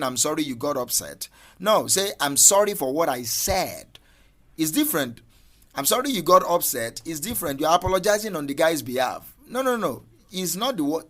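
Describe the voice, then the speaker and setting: Man, mindset coach, motivational podcast talk, emphatic, insistent, mid-pitched voice. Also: fairly bright tone. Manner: emphatic, repeatedly asks "do you understand me"; insistent repetitions like "no, no, no".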